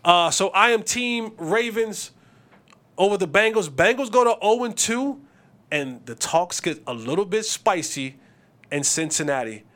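A high-voiced man talking sports casually on his own show. He is animated and blunt, making quick picks and trash talk. He stumbles over words and repeats himself as he goes. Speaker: podcast host and former receiver.

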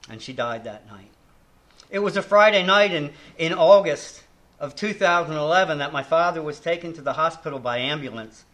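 A man's voice: fairly high pitch, lively intonation, moderate pace, a bit bright. An older man preaching a sermon in an earnest, reflective way, often restarting and letting his line endings fall.

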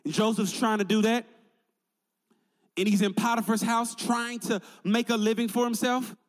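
A man's voice: very high-pitched, steady tone, moderate pace, big-room sound. A male pastor preaching a sermon in an emphatic, conversational way, building points through repetition.

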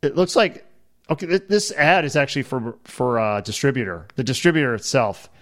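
A man's voice: medium pitch, animated, fairly quick, fairly bright tone. Curious man, podcast co-host. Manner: curious, asks questions. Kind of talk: casual chat.

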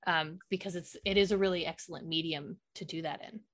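Woman podcast host, bright and crisp tone, upbeat and encouraging. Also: fairly low pitch, fairly even intonation, a little fast. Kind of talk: casual podcast interview.

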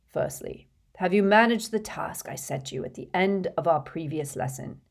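An elderly male headmaster from a storybook, wise and tired, read by a woman. He speaks slowly and gently in a low, soft voice. Every phrase is measured and patient. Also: expressive, creaky. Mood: calm weary.

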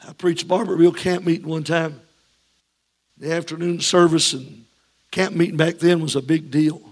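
Preacher guy, high voice, shouts the sermon then goes soft n folksy telling stories. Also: steady tone, normal speed. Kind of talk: sermon with storytelling.

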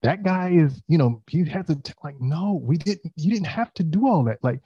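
A man's voice: a little high, lively intonation, normal speed, mellow, breathy edge, dry recording, muffled recording. A man in casual podcast chat, talking animatedly and acting out quotes, with many restarts.

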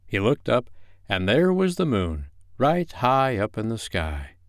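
A man's voice: mid-range voice, unhurried, dry recording, studio quality. Man narrating a bedtime story. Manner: gentle, expressive reading. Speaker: storyteller podcast host.

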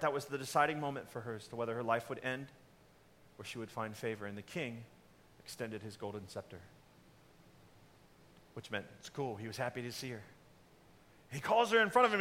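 Man, pastor, lively sermon storytelling, high voice, bright tone. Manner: animated storytelling, acting out the characters.

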